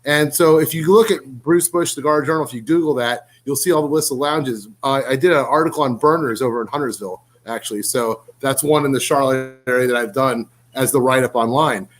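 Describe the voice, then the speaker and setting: A man talking as a podcast guest in casual chat, an animated storyteller who swears casually. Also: medium pitch, brisk, few pauses. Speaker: guest, cigar writer and language teacher.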